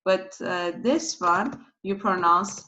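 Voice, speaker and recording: Slow, patient woman teaching a lesson. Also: medium pitch, bright, forceful tone, a little hiss or hum. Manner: patient, repeats each sound several times. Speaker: language teacher. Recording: dull lo-fi recording.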